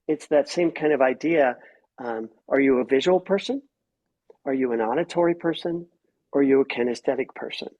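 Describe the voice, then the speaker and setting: A middle-aged man talks as a podcast guest in a slightly high, husky voice. He explains his points with lively stories and slips into acted-out quoted lines. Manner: animated storyteller who acts out quoted voices. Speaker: guest therapist and author. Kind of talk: podcast interview.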